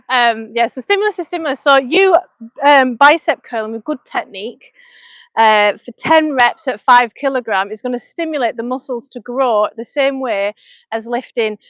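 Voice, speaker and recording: Lancashire woman in her thirties, fitness coach live-streaming from home, slightly high voice, frank and chatty between reps, dry dull lo-fi sound. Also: unhurried, fairly bright tone, no echo. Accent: Lancashire English. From North West England. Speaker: fitness coach and personal trainer. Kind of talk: live-stream chat while working out. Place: home, indoors. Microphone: small clip-on mic.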